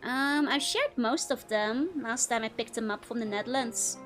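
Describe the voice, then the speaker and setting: A woman's voice: on the high side, moderate pace, a bit bright, soft background music. A young woman streamer chatting casually with viewers, giggling often between phrases.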